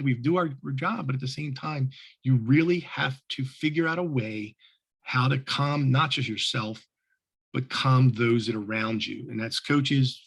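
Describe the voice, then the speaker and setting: Husky-voiced man telling officiating stories. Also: mid-range voice. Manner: animated storyteller, many restarts. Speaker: lacrosse official. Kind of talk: storytelling talk to officials.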